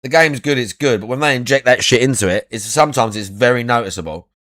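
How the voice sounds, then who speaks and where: A man's voice: mid-range voice, fast talker, fairly bright tone, no room sound, clean studio sound. A young adult man chatting casually as a podcast co-host, blunt and sweary, repeating his points. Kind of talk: casual chat.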